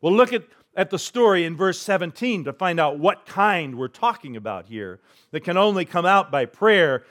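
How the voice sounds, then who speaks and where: A man preaching a sermon as pastor, retelling a scripture story vividly, swinging between hushed and emphatic delivery. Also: high voice, animated, normal speed.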